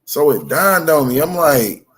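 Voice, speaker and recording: A man telling a story in casual chat, profane and animated, acting out both sides of the dialogue. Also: on the high side, measured pace.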